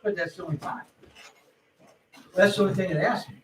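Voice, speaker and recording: A man playing a tabletop game, explaining himself in a calm, earnest way. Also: high voice, brisk, background noise. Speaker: player. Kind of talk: casual tabletop game chat. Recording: roomy, distant recording with music.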